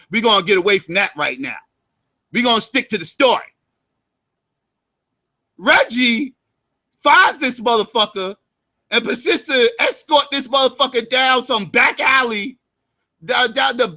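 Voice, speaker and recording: Man, very high voice, piercing bright tone, profane storytelling commentary, loud then muttering. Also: lively intonation, unhurried, pauses often. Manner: heavy cursing, addresses viewers as family; swings between loud outbursts and low mutters. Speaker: YouTube commentator.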